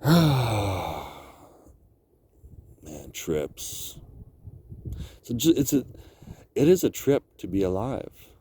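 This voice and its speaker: A man with a medium-pitched, mellow voice and a breathy edge vlogs alone on an icy cliff edge outdoors. Very animated, he draws out his words and pauses often, drifting loosely from thought to thought, swearing frequently and laughing in between.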